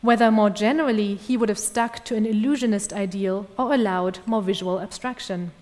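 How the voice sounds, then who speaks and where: A woman's voice: medium pitch, a little mellow. Woman lecturing in a reverberant hall. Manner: measured, precise academic delivery. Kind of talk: academic lecture read from a script.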